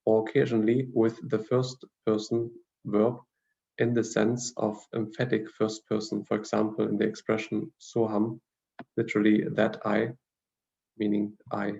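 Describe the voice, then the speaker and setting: Male language teacher, dark gravelly tone, steady explanatory lecture, muffled lo-fi audio. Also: fairly low pitch. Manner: measured, explanatory, with frequent fillers and restarts. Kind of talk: lecture reading grammar notes.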